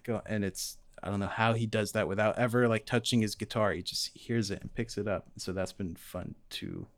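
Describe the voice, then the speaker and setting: A man co-hosting a podcast, chatting in a relaxed way with lots of fillers. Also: on the low side, normal speed, few pauses, dry recording. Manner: relaxed, filler-heavy enthusing. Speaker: podcast co-host. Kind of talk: casual chat.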